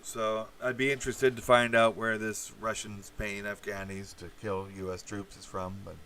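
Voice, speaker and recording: A man's voice: fairly low pitch, level tone, normal speed, bright, forceful tone, clear, resonant tone. A man hosting a rambling political commentary livestream, talking in a meandering way with many fillers and sardonic asides. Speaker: channel host.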